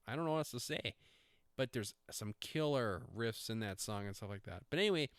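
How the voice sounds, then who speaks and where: A man's voice: fairly low pitch, lively intonation, fairly quick, smooth, no echo, clean studio sound. A middle-aged man hosting a podcast, talking in a rambling, self-interrupting, jokey way. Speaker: podcast host. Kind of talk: casual rambling monologue.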